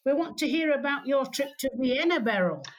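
A woman's voice: high voice, lively intonation, brisk. A woman from England chatting casually about travel, friendly and conversational. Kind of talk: casual chat.

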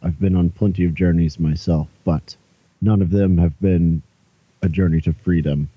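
A man's voice: low-pitched, fairly even intonation, normal speed, slightly rough, no echo, dull audio. A man playing his character in a tabletop game, talking earnestly and persuasively with some hesitation. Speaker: player. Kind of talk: in-character tabletop role-play.

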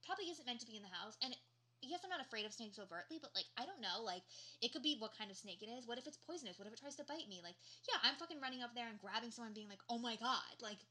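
A woman's voice: a little high, rapid-fire. A young woman co-hosting a podcast, chatting casually with lots of swearing and quoted voices. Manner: profane, animated storytelling with quoted voices. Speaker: podcast co-host. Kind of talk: casual chat.

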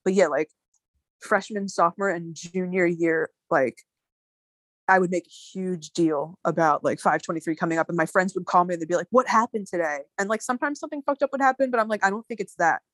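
A woman in her thirties telling a story in casual conversation, animated, with many fillers and swearing. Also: on the low side, fairly quick, no echo. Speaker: guest.

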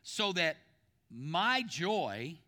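A man's voice: on the high side, very animated, extremely slow, pushed and bright. A man pastor preaching a sermon, telling a joke story and repeating words as he builds to emphatic scripture reading.

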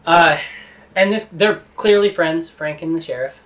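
A man's voice: fairly high pitch, a little slow. A man casually discussing a movie scene with friends, acting out characters' lines as he goes. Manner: animated, acts out characters' lines. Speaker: podcast co-host.

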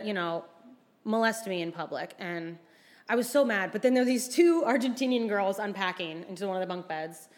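A woman comedian telling a personal story to a live audience, acting out the voices in it with big jumps in pitch. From United States. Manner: animated, acts out quotes with big pitch jumps.

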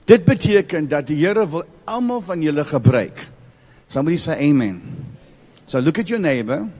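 A man's voice: fairly high pitch, lively intonation, moderate pace, a little mellow. A man with a South African accent preaching a church sermon as a guest prophet, repeating words and calling for amens with playful asides. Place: church hall. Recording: long reverb of a church hall.

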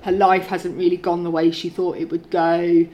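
A woman's voice: fairly low pitch, flat delivery, normal speed, warm tone. A woman actor in an interview, talking eagerly about her part with frequent restarts. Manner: enthusiastic, many restarts. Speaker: lead actor. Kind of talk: casual interview.

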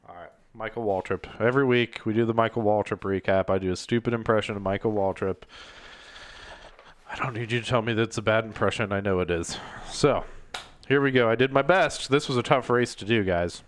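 A man's voice: fairly low pitch, brisk. Laughing man hosting a podcast. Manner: laughing, self-mocking banter. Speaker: podcast host. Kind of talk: casual chat.

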